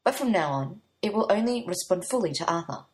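A woman's voice: fairly low pitch, expressive, brisk, darkish tone, close to an everyday voice. A woman reading the part of a sinister older male captor who talks in a gloating way.

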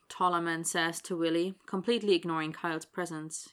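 Woman narrator, low pitch, bright crisp tone, steady and wry. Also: brisk, few pauses. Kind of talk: audiobook narration.

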